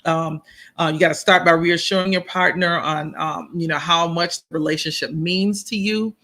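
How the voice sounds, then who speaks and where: A woman co-hosting a marriage coaching live chat, with a bright, forceful tone. Her delivery is casual and animated. She slips into little acted-out bits of dialogue and hammers her points home through repetition. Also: on the low side, normal speed. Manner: animated, acts out quoted dialogue, repeats points for emphasis.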